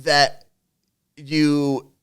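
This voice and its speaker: A man co-hosting a casual talk show, chatting in relaxed, rambling thoughts. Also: a little high, extremely slow, smooth. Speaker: radio and podcast co-host. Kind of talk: casual chat. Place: studio.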